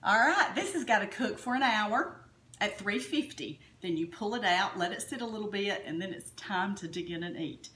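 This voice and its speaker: In an echoey home kitchen, an Alabama woman with a Southern accent leads a chatty cooking demonstration, keeping up a folksy, enthusiastic "y'all" with her viewers. She speaks at a moderate pace in a bright, forceful mid-range voice with lively intonation.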